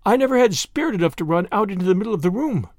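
A man's voice: high-pitched, sing-song, moderate pace, darkish tone, dry recording, voice pushed up, full character voice. A man voicing a timid, broken-hearted little male muskrat in a storybook reading, pleading and close to tears. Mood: tearful pleading. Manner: tearful, pleading, sobbing.

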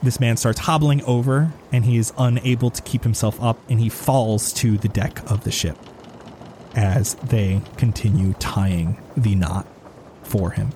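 A man running a tabletop game as game master, narrating in a steady, descriptive way. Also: on the low side, measured pace, slight background noise.

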